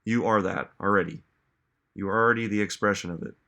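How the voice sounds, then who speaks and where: A man's voice: on the low side, steady tone, fast, bright, forceful tone. A man giving a reflective motivational talk, musing aloud and asking listeners many rhetorical questions. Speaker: self-help speaker.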